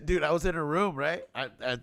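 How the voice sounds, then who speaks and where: A man's voice: a little high, moderate pace, gravelly. A man and father, co-hosting a podcast, telling profane stories over drinks and acting out the people in them. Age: adult with kids. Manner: profane, animated, acts out quotes in raised voices. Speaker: podcast co-host. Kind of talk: casual storytelling over drinks.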